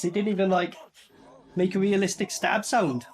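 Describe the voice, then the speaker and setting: A man's voice: sits high, fairly even intonation, moderate pace. A man giving a sarcastic, swearing commentary while a cheap movie plays. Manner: sarcastic, swearing, talks over the film. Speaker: movie reviewer. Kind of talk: casual film commentary.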